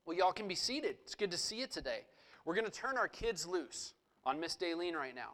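A male pastor leads a church service, praying and making announcements. He speaks in a relaxed, conversational manner with lots of fillers, and his voice is high and brisk.

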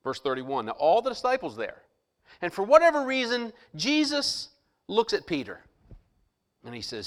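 A man preaching a sermon, reading scripture slowly and emphatically and pausing dramatically around rhetorical questions. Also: high voice, huge pitch swings, a bit bright.

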